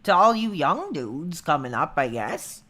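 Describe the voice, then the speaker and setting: Laid-back bright-voiced man streaming. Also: on the high side, sing-song, unhurried. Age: 30s. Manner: rambling, laid-back, says dude a lot. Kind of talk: casual livestream chat.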